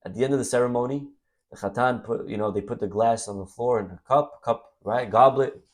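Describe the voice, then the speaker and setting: A rabbi with a mid-range voice gives a brisk Torah class sermon. He tells stories in an animated way, acting out scenes and breaking into sudden bursts of energy.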